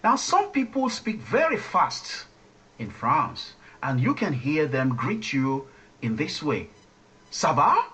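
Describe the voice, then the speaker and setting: A man hosting a radio lesson, teaching French phrases slowly and coaching listeners to repeat after him. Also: a little high, very animated, a bit bright, a little hiss or hum. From Nigeria.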